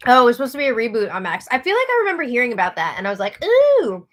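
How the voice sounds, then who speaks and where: An American woman co-hosting a casual live stream, chatty and excitable, reading out viewer comments and laughing often. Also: fairly high pitch, very fast. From United States.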